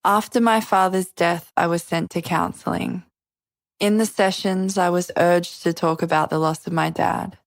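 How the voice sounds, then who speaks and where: Female narrator, lowish gravelly voice, even delivery, dry close mic. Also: normal speed, no echo. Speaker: podcast host and narrator. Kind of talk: scripted narration.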